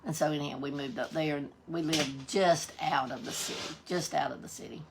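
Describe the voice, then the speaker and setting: A woman's voice: sits low, steady tone, brisk, creaky, background noise. A woman with a Southern US accent, hosting a live stream and chatting folksily, greeting viewers by name as she reads their comments. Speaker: livestream host.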